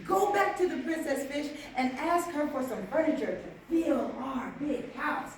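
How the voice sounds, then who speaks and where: A woman's voice: high-pitched, lively intonation, unhurried, a little hiss or hum. A woman doing a bossy, never-satisfied wife. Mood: insistent. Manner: insistent and bossy. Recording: very echoey room, mic far off.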